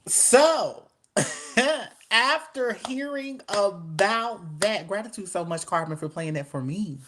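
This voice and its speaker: A woman's voice: medium pitch, animated, fairly bright tone. A woman hosting a casual chat, speaking thoughtfully and putting questions to her viewers. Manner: slow, thoughtful, asks the audience. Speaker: host.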